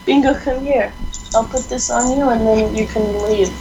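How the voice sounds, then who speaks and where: A woman's voice: a little high, steady tone, moderate pace, warm tone, a little hiss or hum, rough recording. A young woman co-hosting a podcast, telling rambling stories with giggles in a casual chat. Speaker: podcast co-host.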